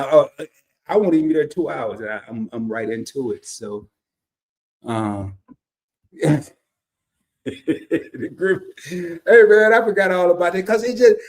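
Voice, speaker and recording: A man from Arkansas with a Southern accent hosts a livestream, telling stories in a laid-back drawl. His voice is on the high side and a little mellow, with lively intonation, a slightly slow pace, and frequent pauses.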